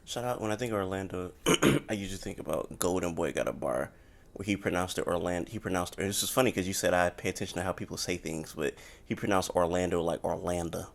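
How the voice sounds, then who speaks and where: Male podcast host from Florida, low-pitched, loose and joking. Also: quick pace, gravelly. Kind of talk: casual chat. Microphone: remote call mic.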